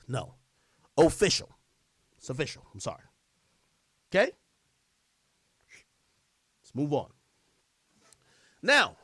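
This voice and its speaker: A man's voice: a little high, no echo, studio quality. A man giving a repetitive, insistent monologue on a livestream, played in a clip. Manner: repetitive, insistent, drawn-out phrasing. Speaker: streamer in clip.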